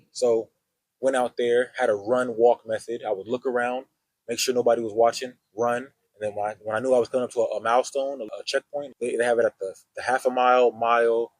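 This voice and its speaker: A young man with a husky, breathy edge to his voice spins a brash, casual story straight to the camera. He swears freely and jumps into the voices of the people he is quoting. The sound is dry and close. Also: fairly low pitch, no echo, low-quality recording. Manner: brash, swearing, animated retelling with acted quotes. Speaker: vlogger.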